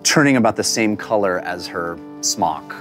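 A woman with a very low, lively voice narrating a tabletop game as game master. She speaks haltingly with fillers, pausing as she sets the scene, and faint music plays behind her.

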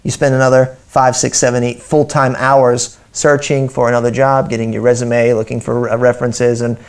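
A man's voice: mid-range voice, little pitch movement, moderate pace, smooth. A man, an Islamic teacher, telling stories in conversation, often restarting his sentences and acting out dialogue. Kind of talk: conversational storytelling.

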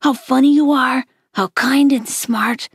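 A woman voicing a gentle but firm mother who reasons softly with her son, with a slightly gravelly voice, in a storybook reading. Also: sits high, steady tone, measured pace, no room sound, studio quality, pitched above the performer's own voice. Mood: soothing. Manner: soothing, reasoning.

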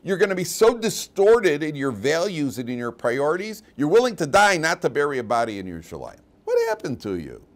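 A man's voice: fairly high pitch, a little fast, hardly any pauses. An older man, a rabbi, giving an informal Torah class, digressive and full of asides, with a dry, mocking humor. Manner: animated, digressive, with restarts and asides.

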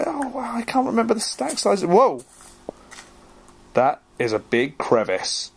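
Excitable young man gaming. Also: high-pitched, unhurried, gravelly, long pauses. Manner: excitable, jokey, easily flustered, self-mocking. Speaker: gaming video host. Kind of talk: casual let's-play commentary.

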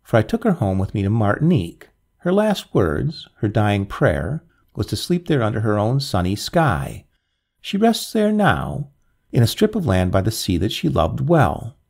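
A man voicing a heartbroken older father who tells of his dead daughter in a halting, pleading way. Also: on the low side, wildly swooping pitch, gravelly, darkish tone, exaggerated voice. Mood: grieving.

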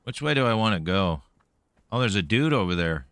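A man's voice: lowish voice, very animated, fairly quick, fairly bright tone, clean tone, no room sound, clean studio sound. A man streaming a video game, playfully talking to himself and taunting the enemies he meets, a little caffeinated. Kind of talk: let's-play gameplay commentary.

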